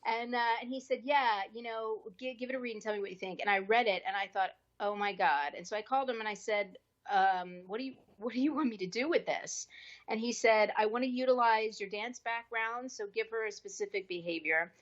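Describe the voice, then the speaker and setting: An actress being interviewed on a podcast, telling a career story in a casual, lively way and acting out the people she quotes with changing voices. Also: on the high side, brisk, muffled recording. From US East Coast. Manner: lively, acts out quoted dialogue with shifting voices.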